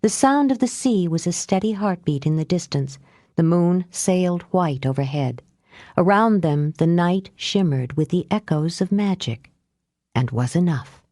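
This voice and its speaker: A woman reading an audiobook aloud, lifting her pitch for dialogue and dropping low for the narration. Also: animated, measured pace, dark tone, dry recording, studio quality. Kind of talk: audiobook narration with character voices.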